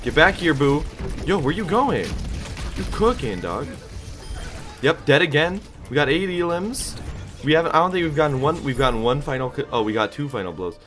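A man's voice: fairly high pitch, lively intonation, normal speed, a bit bright, soft background music. A young man casually commentating his own gameplay, hyped and joking, trash-talking and laughing. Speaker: gaming YouTuber.

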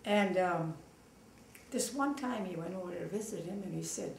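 Older woman, Los Angeles native, oral-history interviewee. Gravelly, animated storyteller; echoey room, off-mic. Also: on the low side, normal speed, recorded from a distance, slight background noise. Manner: lively, acts out quoted dialogue with fillers. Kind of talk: casual storytelling.

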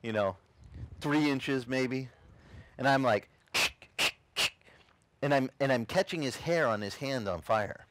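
A man's voice: mid-range voice, takes it slowly, pauses often, a little hiss or hum. A man preaching, a pastor telling a testimony in a dramatic, storytelling way and acting out the scenes he describes. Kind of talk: testimony sermon. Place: outdoor beach service.

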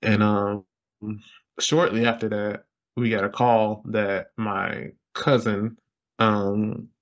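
A man as a podcast guest telling a personal story in casual interview talk, rambling with fillers and jumping high in pitch when he quotes others. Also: takes it slowly. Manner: animated, jumps high when quoting others.

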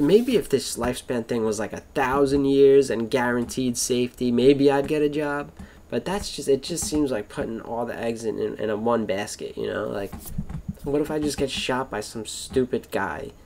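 A man from Florida rambles through a casual monologue, swearing constantly, drifting between thoughts and trailing off mid-sentence. His voice is medium-pitched with a darkish tone.

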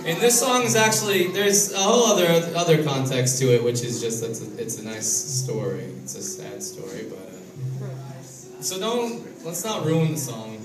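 A man's voice: fairly high pitch, lively intonation, moderate pace, music in the background. A man with a nasal voice making self-mocking, profane banter between songs as a singer-songwriter on a club stage. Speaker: singer-songwriter performing live. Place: live music club stage. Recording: roomy, distant, loud band and crowd.

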